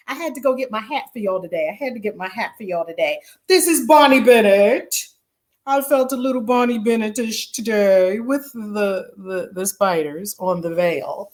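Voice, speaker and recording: A woman's voice: medium pitch, moderate pace, a little mellow. A woman author hosting a casual livestream, exuberantly calling out greetings to viewers by name.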